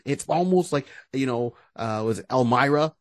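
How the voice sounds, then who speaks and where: A man co-hosting a casual podcast, animated and breaking into quoted voices as he talks. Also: medium pitch, normal speed, no room sound. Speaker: podcast co-host. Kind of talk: casual chat.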